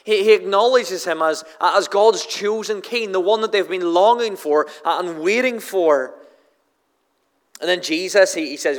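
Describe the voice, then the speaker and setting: A man preaching a sermon, stammering and repeating words as he starts sentences, with many filler "uh"s, his voice rising for emphasis and then dropping low and slow. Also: big-room sound. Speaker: pastor.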